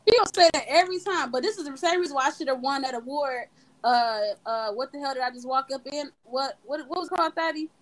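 A woman in a comedy sketch, talking quickly and complaining in a self-pitying way. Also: sits high, close to an everyday voice. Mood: aggrieved.

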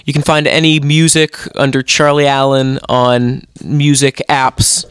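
A man co-hosting a podcast who talks slowly and easily, in an offhand, self-deprecating way. He often pauses between words. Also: mid-range voice, flat delivery, fairly bright tone, clear, resonant tone, no echo, studio quality. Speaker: podcast co-host and musician. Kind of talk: casual podcast chat.

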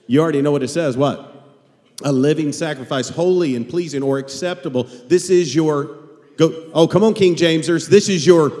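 A middle-aged man preaching a sermon to a live congregation, joking and animated, rising at times to shouts. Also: a little high, quick pace. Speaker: pastor. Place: large church hall before a live audience. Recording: long hall reverb.

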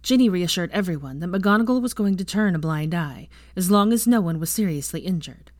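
Expressive woman reading fan fiction. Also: on the low side, fairly quick, no echo, studio quality.

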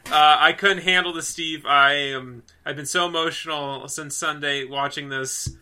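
A man co-hosting a podcast in casual chat, excitable and gushing, peppering his talk with "like" and swearing freely. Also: fairly high pitch, unhurried. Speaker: podcast co-host.

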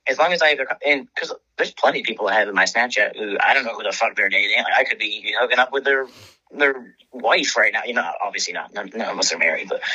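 A man's voice: mid-range voice, bright, forceful tone, slightly rough, dull audio. A young man co-hosting a podcast, chatting casually, swearing freely and laughing often. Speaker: podcast co-host. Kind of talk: casual chat.

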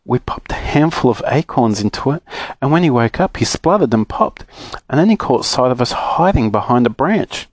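Aussie man as a fretful storybook fairy girl, raised pitch, lively, dry close read. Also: normal speed, no echo, natural voice. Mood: tearful. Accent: Australian. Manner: sobbing, fretful. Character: tearful gentle fairy girl.

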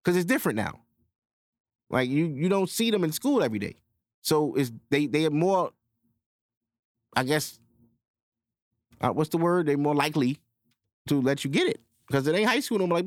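A man's voice: sits high, big pitch swings, normal speed, gravelly, long pauses, no room sound, clean studio sound. A young man hosting a podcast, telling crude stories in casual chat and acting out quotes in a raised voice. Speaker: podcast host.

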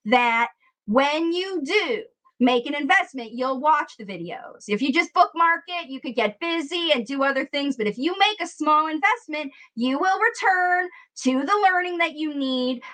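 A woman with a high, bright voice talks straight to her viewers as a speech therapist coaching parents. Her delivery is earnest and encouraging, and she keeps calling out to the audience as ladies and gentlemen. Her tone stays clear and lifted throughout. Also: low-quality recording. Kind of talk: direct-to-camera coaching talk.

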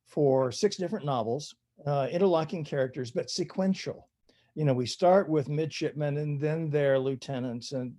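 An older man speaks as an author guest, his voice dark and mellow. He rambles through anecdotes in a relaxed way, full of small fillers and restarts. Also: a little high. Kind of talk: conversational interview storytelling.

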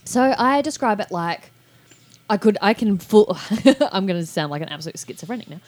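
A woman's voice: medium pitch, expressive, moderate pace, a little mellow, dry recording. A woman, co-hosting a podcast in loose, chatty talk and swearing freely. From Australia. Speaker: podcast co-host. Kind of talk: casual chat.

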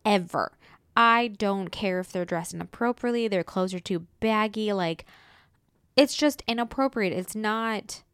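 A woman's voice: medium pitch, unhurried, a bit bright, clear, resonant tone, no echo, studio quality. A woman hosting a podcast, earnestly leading topics with playful banter. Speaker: podcast host. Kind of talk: casual chat.

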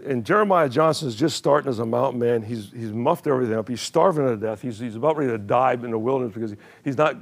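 A man's voice: medium pitch, gravelly. An older man preaching a sermon in a church, telling a story with chuckles and many repeated words. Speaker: pastor.

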